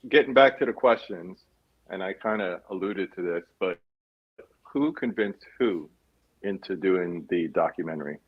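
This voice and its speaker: Husky low-voiced New man hosting. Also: expressive, moderate pace, narrow, tinny audio. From New York. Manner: chatty, laughs often. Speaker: podcast host. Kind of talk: casual video-call interview.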